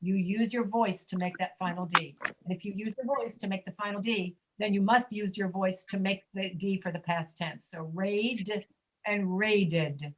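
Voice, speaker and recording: A woman teaching an online pronunciation class, stretching out words slowly to model each sound. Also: mid-range voice, steady tone, rough recording. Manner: slow, drawn-out modeling of sounds. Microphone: video call.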